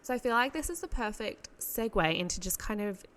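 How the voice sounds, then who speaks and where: A young Australian woman chats through a solo podcast episode in a loose, rambling way. She leans on "like", restarts her sentences, and laughs at herself along the way. Her pitch sits in the middle range for a woman. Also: animated, fairly quick, fairly bright tone. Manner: chatty, rambling with lots of "like" and self-corrections. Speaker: podcast host. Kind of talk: casual solo podcast talk.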